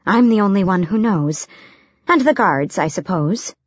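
A woman's voice: mid-range voice, animated, unhurried, slightly rough, dry recording, dull audio. A woman voicing a bold, motherly older woman servant who scolds and fusses. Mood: fussy, scolding. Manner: scolding, fussy.

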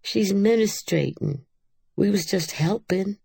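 A woman voicing an eager, indignant little girl with a high, pleading voice. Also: takes it slowly, gravelly, warm tone, breathy edge, dry recording, clean studio sound, exaggerated voice.

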